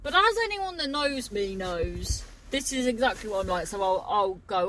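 A woman talks to the camera in loose, casual chat. She rambles, swears freely and drops thoughts halfway to start new ones. Her voice sits at an ordinary pitch for a woman. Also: expressive, moderate pace, hardly any pauses, a bit bright, slight background noise, poor audio. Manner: rambling, chatty and sweary, trailing off mid-sentence. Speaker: vlogger.

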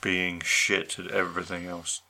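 Bright-toned low-voiced man, dry and teasing. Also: level tone, measured pace, gravelly. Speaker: podcast co-host. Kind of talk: casual chat.

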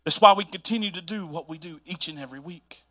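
Bright-voiced Southern pastor preaching. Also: male voice, a little high, fast. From North Carolina, US. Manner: animated storytelling, repeats phrases. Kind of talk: sermon.

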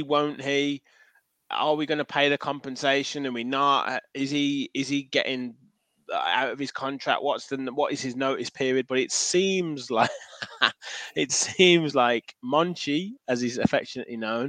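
A man's voice: mid-range voice, fairly bright tone, dry recording. Easygoing man, dry close sound. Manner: easygoing, laughs often, trails off with fillers. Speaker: podcast co-host. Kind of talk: casual football chat.

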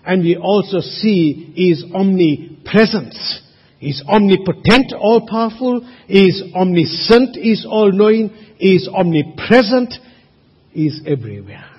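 A man's voice: sits high, lively intonation, unhurried, slightly rough. A man preaching a sermon at a church service, emphatic and asking his congregation rhetorical questions. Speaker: pastor. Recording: reverberant hall, muffled sound.

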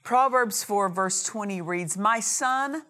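A woman preaching a sermon, leaning on key phrases and slowing down to read scripture. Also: medium pitch, pushed and bright. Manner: emphatic, repeats key phrases, slows on scripture.

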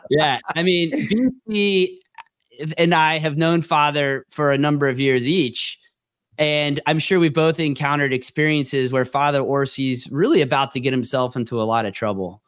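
A male talk show host who teases his guests playfully. His voice sits a bit high. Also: moderate pace, fairly bright tone, no echo, studio quality. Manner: playful, teasing. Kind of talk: casual talk show hosting.

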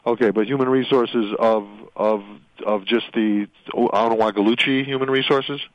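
A man's voice: medium pitch, fairly even intonation, normal speed, no echo. A man hosting a radio interview as an attorney, walking his guest through her story with rambling leading questions that keep ending in "right?". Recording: dull radio audio.

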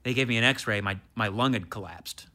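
Bright-voiced man telling a story. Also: lowish voice, moderate pace. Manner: animated, swearing, acts out quotes. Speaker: comedian guest. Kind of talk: casual storytelling chat.

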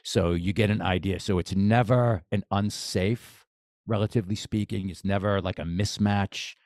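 With a lowish, slightly mellow voice and fairly even intonation, a boxing coach speaks at a moderate pace in a casual podcast interview. He rambles keenly and restarts often; the audio is dry studio quality.

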